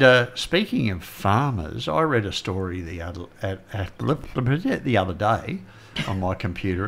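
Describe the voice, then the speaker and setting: A man's voice: fairly low pitch, gravelly, fairly bright tone. A man with a blocked, nasal voice, co-hosting a casual radio chat in a rambling way, with lots of fillers. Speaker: radio co-host.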